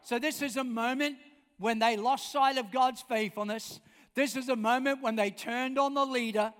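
A man with a very high voice preaches emphatically, pressing his listeners to answer him back. His voice rings out with a long reverb, as though heard in a big hall. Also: steady tone, moderate pace, fairly bright tone, clean tone. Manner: emphatic, calls out for congregation responses. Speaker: pastor. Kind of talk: sermon.

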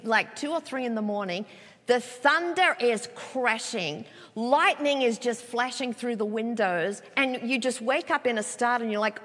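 Woman pastor, sermon, animated storyteller, slightly high voice, long hall reverb. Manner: expressive storytelling, rhetorical questions.

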